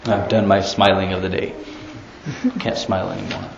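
A man preaching a religious lecture with lively rhetorical questions and frequent chuckles. He sounds like he is in a roomy space, the recording slightly muffled with a faint hiss underneath. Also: sits low, gravelly. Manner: animated, rhetorical, chuckles often. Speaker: Islamic preacher.

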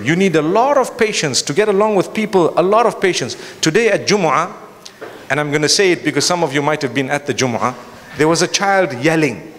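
Male preacher, fairly high voice, emphatic, rhetorical questions, lecture to a crowd, long hall reverb. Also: a bit bright, slight background noise. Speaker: Islamic preacher. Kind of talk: lecture to a live audience. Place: large hall before an audience.

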